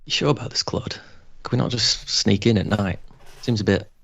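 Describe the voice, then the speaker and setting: A man's voice: lowish voice, normal speed, gravelly, fairly bright tone, pitched below the performer's own voice. A man voicing a dim, nervous thief posing as a chef in a live script read, hesitant and bumbling, on a lo-fi line. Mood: uneasy. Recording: lo-fi dull sound.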